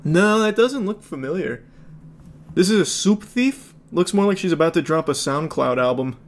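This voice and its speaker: A man with a high, light voice talks over clips in casual reaction commentary. He sounds incredulous and sarcastic, and he swears freely. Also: animated, moderate pace.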